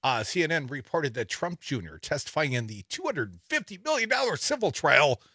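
A man's voice: fairly high pitch, very animated, fairly quick, pushed and bright, husky, no echo. A man hosting a talk radio show, reading news stories with sarcastic asides and a wry, laughing delivery into a studio microphone.

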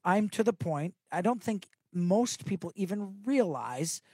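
Guy hosting a radio show, jokey, voice jumps around a lot, a bit husky, dry sound. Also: high-pitched, lively intonation, measured pace, warm tone, no echo. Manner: playful, jokey. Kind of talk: casual chat.

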